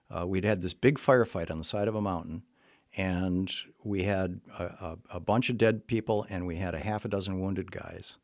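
An older man, a therapist, telling a story in a halting conversational way, with many restarts and fillers. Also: low-pitched, dry recording, studio quality.

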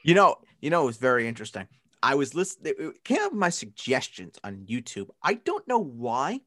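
A man co-hosting a casual sports podcast, chatting and breaking into loud commentator and accent impressions. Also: mid-range voice, very animated, fairly quick, no room sound, studio quality. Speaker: podcast co-host.

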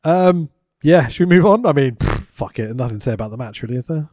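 A man's voice: medium pitch, animated, fast talker, darkish tone, no room sound, clean studio sound. A man co-hosting a wrestling podcast, sweary and laughing often in casual review chat.

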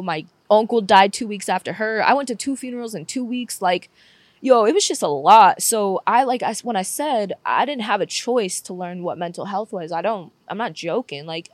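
A woman's voice: medium pitch, dry recording. Candid young woman near tears. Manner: candid, swears often, says "like" a lot. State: close to tears. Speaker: podcast guest. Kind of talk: emotional personal storytelling.

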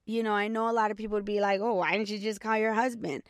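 A young woman talks candidly to her viewers, chatty and direct, sharing a personal story. Her voice sits at an ordinary middle pitch. The recording is dry and close, with no room echo. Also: steady tone, quick pace. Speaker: vlogger.

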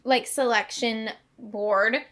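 A young woman co-hosts a casual podcast, chiming in with playful jokes and quick comments. Her voice sits slightly high and rings very bright. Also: fairly even intonation. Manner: playful, joking interjections. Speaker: podcast co-host. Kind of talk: casual chat.

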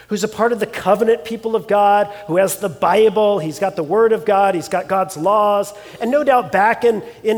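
High-voiced preacher in a reverberant hall. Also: male voice. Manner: expressive storytelling preacher, reads scripture aloud. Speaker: pastor. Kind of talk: sermon.

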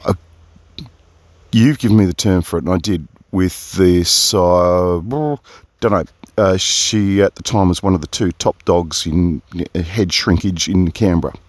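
A man's voice: sits low, steady tone, measured pace, no room sound. A man from Perth talking through a rambling spoken diary, chatty and easily sidetracked, recorded outdoors under a big tree in the wind on a phone held close to his face. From Perth, Australia. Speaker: audio diarist. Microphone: phone resting close on his face.

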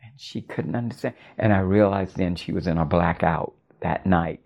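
Older woman from Florida, storyteller, halting intimate delivery. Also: extremely low pitch, gravelly, darkish tone, muffled recording. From Florida, USA. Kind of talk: personal story narration.

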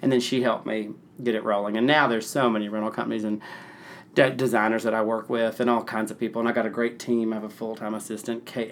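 A man in his thirties from the Nashville area, an event planner telling his story in a casual interview, rambling and excitable with laughs slipping into his talk. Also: on the low side, a little hiss or hum.

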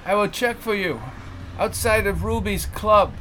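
A man reads a loyal, tough sidekick, voice pitched well above his own. He sounds earnest and direct, with a faint hiss behind. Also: a little slow, a bit bright.

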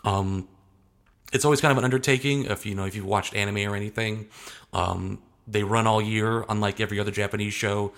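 A man's voice: fairly low pitch, steady tone, brisk, fairly bright tone. A young adult man talking casually as an interview guest, rambling and hesitant, often restarting his sentences.

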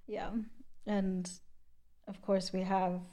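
A woman's voice: medium pitch, flat delivery, slow pace, mellow. A young woman chiming in during a casual film recap. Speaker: co-host.

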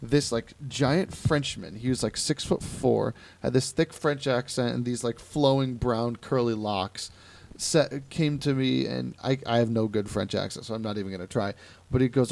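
A man's voice: mid-range voice, a little fast, creaky, slight background noise. A young man from Ohio hosting a podcast, telling stories in a casual chat and acting out the people he quotes. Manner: animated storytelling with quoted voices. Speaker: podcast host.

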